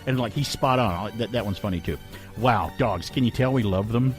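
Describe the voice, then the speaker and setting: A man hosting a casual talk radio show, laughing often and telling stories with quick imitations. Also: on the low side, soft background music.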